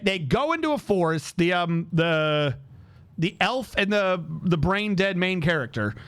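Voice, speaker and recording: A man's voice: sits high, fairly bright tone. A man streaming a game, chatting casually in a rambling, incredulous way, with lots of restarts and asides.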